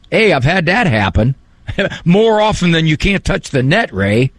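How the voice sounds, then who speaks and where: A male psychologist giving a talk on parenting and faith, animated and joking in a conversational way. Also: on the high side, unhurried, no echo.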